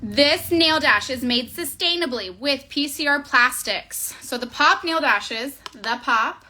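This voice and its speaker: Bright, bubbly high-voiced woman vlogger. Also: expressive. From Southern California. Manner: bubbly, chatty, gushing, quick asides. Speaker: nail tutorial vlogger. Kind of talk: casual chatty tutorial. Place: home desk area, indoors. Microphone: camera on tripod.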